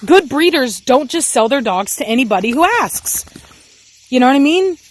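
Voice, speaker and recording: A woman's voice: sits high, big pitch swings, normal speed. Angry impassioned woman dog breeder. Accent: Texan. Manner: angry, impassioned, repeats herself. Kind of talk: emotional vlog rant.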